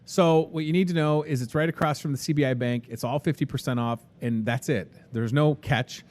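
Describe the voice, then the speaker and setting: A man's voice: mid-range voice, fairly even intonation, a little fast, a little mellow. Young midwestern guy hosting a store promo, chatty, jokey, upbeat deals talk. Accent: Midwestern American. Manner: chatty, upbeat salesman patter with jokes. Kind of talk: casual live promo talk.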